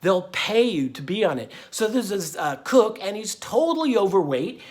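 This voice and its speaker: A man's voice: high voice, very animated, normal speed, a little mellow. A man hosting his own diet vlog, talking in a folksy, meandering way full of fillers and drifting off topic. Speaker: vlogger and diet channel host. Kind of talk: rambling casual monologue.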